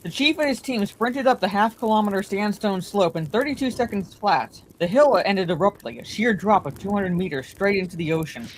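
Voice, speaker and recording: A woman reading a bedtime story aloud in a steady, plain way, her voice slightly congested from allergies. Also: mid-range voice, brisk, few pauses, slight background noise, poor audio.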